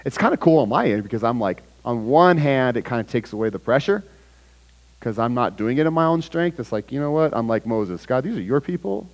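A man preaching a sermon, talking casually with the congregation, asking them questions, with sudden loud bursts and quiet asides. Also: medium pitch, a little fast, rough recording. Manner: animated, with sudden loud outbursts and hushed asides; conversational, asks the congregation questions. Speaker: pastor.

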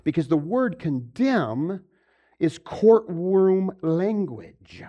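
A pastor giving a sermon, moving from quiet stretches to loud, emphatic preaching and asking his congregation questions. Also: fairly high pitch, big pitch swings, drawn-out words, lo-fi sound. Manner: asks the audience questions. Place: room with a congregation.

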